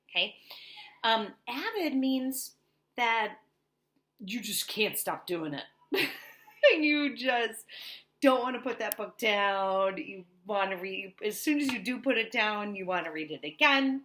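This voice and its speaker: A young woman teaching an online reading lesson to young children, animated and sing-song. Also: medium pitch, unhurried. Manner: animated, sing-song, talking to little kids.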